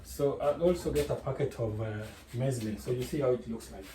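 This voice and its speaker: In his kitchen, a Kenyan-accented man gives a chatty home cooking tutorial, wandering off on tangents as he explains each step. His mid-range voice runs a little fast, and the echoey room carries faint noise.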